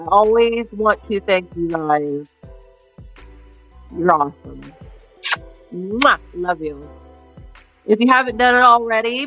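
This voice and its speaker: A woman's voice: a little high, a bit bright, lo-fi sound. A woman hosting a casual livestream chat with her viewers. Her throat is sore and scratchy, and she swears freely and blows kisses to the chat. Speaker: livestream host.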